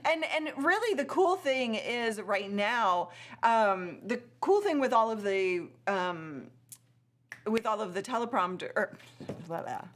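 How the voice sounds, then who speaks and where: A woman's voice: on the high side, lively intonation, a little slow. A tired woman hosting a casual live stream, chatty, with frequent laughs and many fillers.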